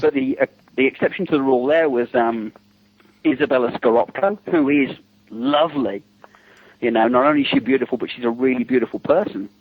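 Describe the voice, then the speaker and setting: Animated man, husky, lo-fi radio. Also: mid-range voice, brisk, dry recording. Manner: animated, chatty, frequent fillers, acts out others' voices. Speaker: special effects makeup artist, interview guest. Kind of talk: anecdotal storytelling in a radio interview. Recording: dull lo-fi dry radio recording.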